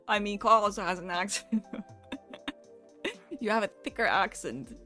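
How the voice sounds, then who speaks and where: A woman's voice: mid-range voice, animated, unhurried, pushed and bright, soft background music. Giggly Dutch-accented woman streamer. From Netherlands. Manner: giggly, chatty, laughs often. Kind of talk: casual live-stream chat.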